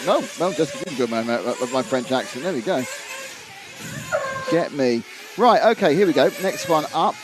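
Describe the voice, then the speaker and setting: A man's voice: on the high side, expressive, normal speed, noisy background. A man doing live commentary on a model car race, chatty and reading out viewer comments.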